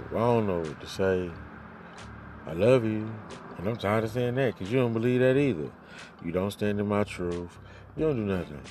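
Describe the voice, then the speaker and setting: A man venting in a heated, profane monologue, jumping loud and high then sinking low, recorded on a phone. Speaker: vlogger ranting to camera.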